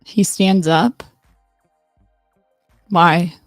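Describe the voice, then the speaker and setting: A woman's voice: on the low side, fairly even intonation, drawn-out words, dry recording, clean studio sound, faint music behind. A woman streamer giving casual live reaction commentary, swearing offhandedly while she scrubs through a video.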